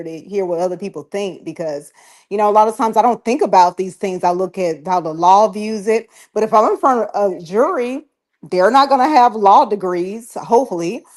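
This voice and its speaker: Southern woman lawyer guest, easygoing and rambling, middle pitch. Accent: Southern US, Alabama. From Alabama. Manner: thoughtful, rambling, many fillers and laughs. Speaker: bankruptcy lawyer guest on a panel. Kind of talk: casual call-in chat.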